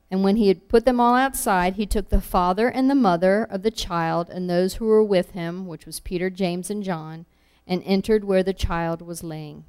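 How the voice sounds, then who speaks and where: A woman's voice: medium pitch, moderate pace, few pauses, a little mellow, clear, resonant tone. A woman preaching a sermon, earnest and repeating key phrases for emphasis.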